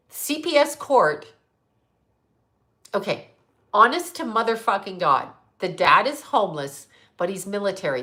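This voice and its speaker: Hosting a psychic livestream, this Canadian woman in middle age has a mid-range voice with a fairly bright tone. Her monologue is a blunt rant packed with swearing, mixed with answers to viewer comments.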